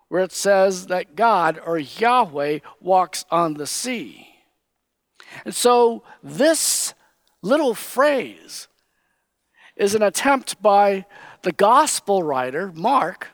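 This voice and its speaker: A man preaching a sermon, teaching slowly and with emphasis, raising his voice when he quotes. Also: high-pitched, dry recording. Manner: slow, emphatic Bible teaching, quoting figures in raised voice.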